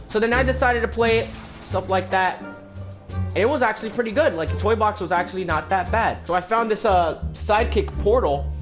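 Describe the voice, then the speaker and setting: A man talks through his gameplay in a casual, chatty way and reacts with quick surprise. His voice sits a little high. Game music plays clearly behind him. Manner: chatty, easily surprised, says "dude" a lot. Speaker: gaming commentator. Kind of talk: casual let's-play commentary.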